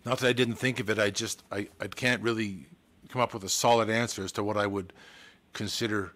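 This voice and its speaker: Hesitant man, fairly low. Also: a bit bright. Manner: hesitant, many restarts and fillers. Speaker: town staff member. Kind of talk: council meeting presentation. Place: council chamber.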